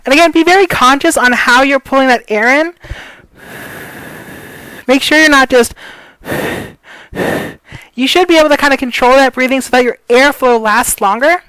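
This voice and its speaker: A woman teaching breathing and pitch exercises in a casual, rambling way, with many fillers and apologies. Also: normal speed, long pauses, fairly bright tone, clean tone, no room sound, poor audio. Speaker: voice coach. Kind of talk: casual tutorial.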